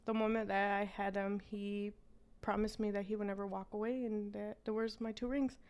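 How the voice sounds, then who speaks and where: A woman's voice: medium pitch, level tone, brisk, a little mellow, clean tone. A woman, a business owner telling her story as an interview guest and switching between English and Spanish.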